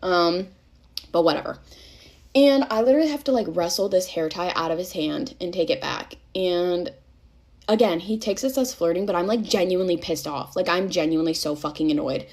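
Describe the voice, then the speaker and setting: A woman's voice: on the low side, fairly quick, a little mellow. A young woman telling a storytime in casual chat, chatty and exasperated, full of "like" and swearing. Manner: chatty, exasperated, swears freely, heavy use of "like".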